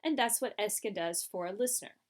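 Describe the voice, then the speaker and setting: A woman's voice: medium pitch, brisk. A woman teaching a French lesson, explaining patiently step by step over slides. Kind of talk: recorded classroom lesson.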